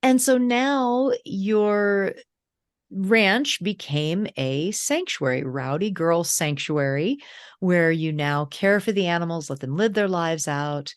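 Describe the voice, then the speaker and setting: A woman hosting an interview who talks slowly and encouragingly. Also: fairly low pitch, clear, resonant tone, dry recording, studio quality. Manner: slow, encouraging, laughs along. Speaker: interview host. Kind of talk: interview, listening and prompting.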